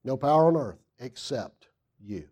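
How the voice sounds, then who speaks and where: A man preaching a sermon, reading scripture aloud and asking the congregation questions, swinging from loud emphasis to hushed asides. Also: mid-range voice, animated, a little slow, breathy edge.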